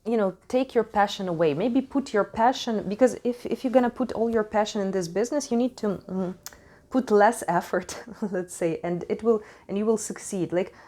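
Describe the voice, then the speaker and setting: A woman's voice: mid-range voice, moderate pace, warm tone. A woman who is not a native English speaker gives a casual tarot reading at home into a desk microphone, talking frankly, swearing freely and laughing often. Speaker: tarot reader. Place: home in Switzerland.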